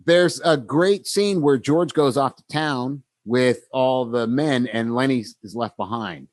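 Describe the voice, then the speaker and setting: A man's voice: mid-range voice, no echo. A man co-hosting a podcast, retelling story scenes in a casual way and acting out the characters' lines. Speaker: podcast co-host.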